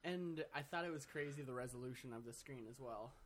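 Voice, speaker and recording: A man's voice: mid-range voice, fairly quick. A man co-hosting a tech podcast, chatting casually and joking around. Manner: jokey, playful, makes things up. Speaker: podcast co-host. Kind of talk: casual chat.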